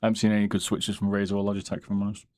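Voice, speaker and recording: Brief: low-pitched male streamer, relaxed and rambling, casual chat with viewers. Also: rapid-fire, dry recording. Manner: relaxed, rambling, answers chat between asides. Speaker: streamer and mouse modder. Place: home, during a live stream.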